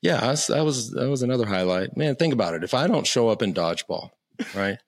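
A man's voice: medium pitch, expressive, fast. A man in his fifties telling stories as a podcast guest, casual and profane, with lots of stammering restarts. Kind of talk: casual storytelling.

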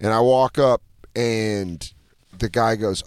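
A man's voice: lowish voice, a little slow, no room sound. A man in his thirties casually telling a comic story on a podcast, acting out the voices of other people. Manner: animated, acts out other people's lines. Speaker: podcast host.

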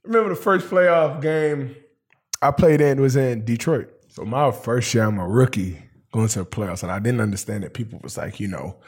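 Man, football player, animated, laughing, mid pitch. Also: normal speed, slightly rough. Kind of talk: casual interview answers.

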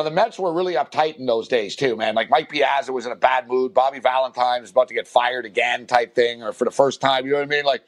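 A man on a talk show telling a long anecdote in a casual, rambling way, full of fillers and restarts. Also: mid-range voice. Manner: rambling, filler-heavy, animated impressions in quotes. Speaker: radio show host. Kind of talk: casual storytelling chat.

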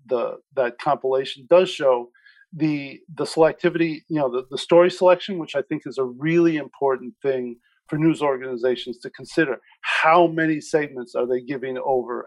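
A man's voice: mid-range voice, low-quality recording. A man speaking as an interview guest, thoughtful and hesitant, with frequent restarts. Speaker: guest commentator. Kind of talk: conversational interview.

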